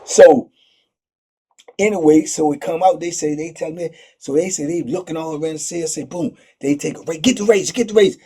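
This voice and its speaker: An excitable male storyteller, talking in slang and tossing in asides constantly. His voice is husky, with a mellow, dark tone that sits a bit high for a man. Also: moderate pace. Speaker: storyteller host. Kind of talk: animated prison storytelling.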